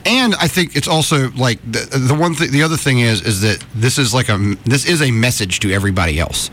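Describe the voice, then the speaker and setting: A man's voice: medium pitch, lively intonation, brisk, a bit bright, slight background noise. A man co-hosting a talk radio show, making his points emphatically. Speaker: radio co-host.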